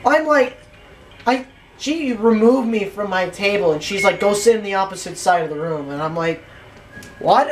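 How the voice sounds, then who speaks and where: A gameplay commentator telling a rambling, animated story while playing, acting out quotes in a raised voice. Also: mid-range voice, slight background noise. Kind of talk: casual storytelling over gameplay.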